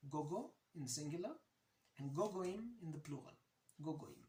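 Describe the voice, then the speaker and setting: A low-pitched woman with an Israeli accent explains words in an easy, chatty way. She stops to repeat terms slowly for pronunciation. The room around her is echoey. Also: lively intonation, dark tone. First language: Hebrew. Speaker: language teacher. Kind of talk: casual video lesson.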